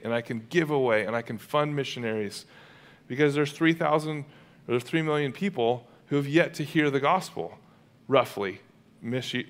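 A male pastor giving a conversational sermon, joking casually and then building to loud, fervent preaching. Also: mid-range voice.

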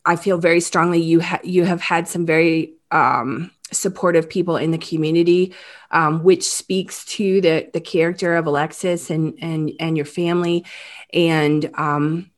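A woman hosting an interview, talking haltingly with many restarts, close to tears. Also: lowish voice, fairly even intonation. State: emotional, near tears. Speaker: host. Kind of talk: emotional interview about a crime case.

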